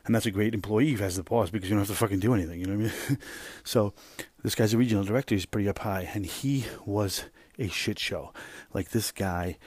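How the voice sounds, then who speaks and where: Husky-voiced man telling a rambling story. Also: fairly low pitch, a little fast, no echo. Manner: rambling, profane, animated retelling. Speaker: podcast host. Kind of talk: casual storytelling.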